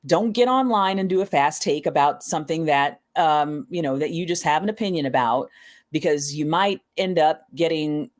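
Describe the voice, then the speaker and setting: Woman, podcast guest, online creator, very low voice, thoughtful, casual, restarts phrases. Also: normal speed. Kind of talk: casual conversation.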